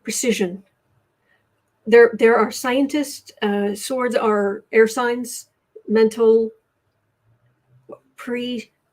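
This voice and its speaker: A woman's voice: a little high, steady tone, extremely slow, long pauses, darkish tone. A woman from the United States hosting a casual tarot livestream, chatting and restarting her sentences as she reads cards and chat. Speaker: tarot reader livestream host.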